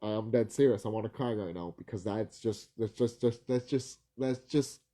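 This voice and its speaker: A man's voice: fairly low pitch, normal speed, mellow. A man vlogging casually, rambling and swearing, laughing easily and stumbling over his words. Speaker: video creator.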